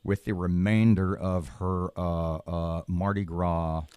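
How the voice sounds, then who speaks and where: A man's voice: low-pitched, level tone, takes it slowly, darkish tone, clear, resonant tone, no room sound. A man co-hosting a morning radio show, teasing his co-host in casual banter.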